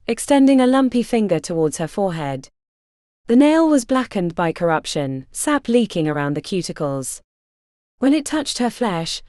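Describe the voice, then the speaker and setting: Expressive woman narrating a fantasy audiobook. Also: medium pitch, no room sound, studio quality. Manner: expressive, dramatic reading.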